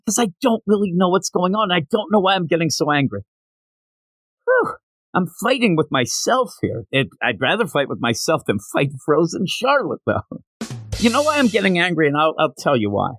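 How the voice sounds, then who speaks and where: A man's voice: on the high side, big pitch swings, fairly quick, a bit bright, no echo, soft background music. A man reviewing comics in a casual solo show, ranting and sarcastic, tired from not sleeping.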